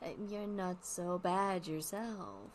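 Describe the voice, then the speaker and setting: A woman doing a deadpan quiet puppet neighbor. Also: on the low side, takes it slowly, a little hiss or hum.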